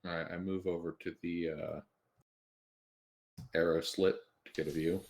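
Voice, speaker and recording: A man playing a tabletop game, stating his character's actions in a relaxed, matter-of-fact way. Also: low-pitched, moderate pace. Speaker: player. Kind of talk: casual tabletop game play.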